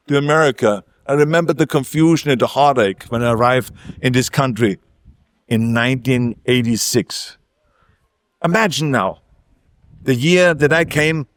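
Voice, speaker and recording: A man's voice: medium pitch, a bit bright, no room sound, studio quality. An older man with a German accent, a native German speaker, giving an emphatic ceremonial speech with self-mocking humor. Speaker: guest speaker. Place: outdoor ceremony.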